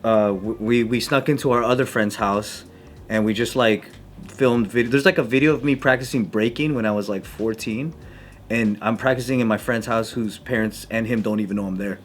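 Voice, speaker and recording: A man in casual chat on a podcast, relaxed and asking questions. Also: fairly low pitch, normal speed, slight background noise. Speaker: podcast co-host.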